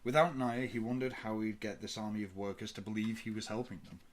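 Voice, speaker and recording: This fan-made sci-fi audiobook is read by a man whose voice is deep and steady. His delivery stays calm and regular, with breaks between each phrase.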